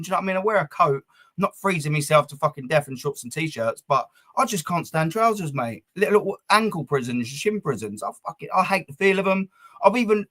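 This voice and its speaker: A young man rambles through a live fan stream, reading out chat comments. He talks bluntly, swears freely and stumbles over repeated words. His voice sits a little higher than most men's. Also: fairly bright tone.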